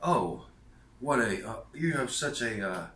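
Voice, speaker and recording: A woman's voice: extremely low pitch, expressive, measured pace, fairly bright tone, reverberant, distant mic, pitched above the performer's own voice, heavily acted. A man voicing a mocking older woman in her sixties who sneers openly and talks down to people. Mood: condescending. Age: 60s.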